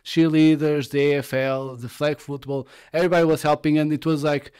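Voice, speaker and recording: A young man with a smooth, clear voice pitched a little high, talking in a relaxed way on a livestream. He often restarts and repeats words as he looks for the right one. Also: a little fast. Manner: easygoing, repeats himself while searching for words. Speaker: graphic designer and videographer. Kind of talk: casual livestream chat.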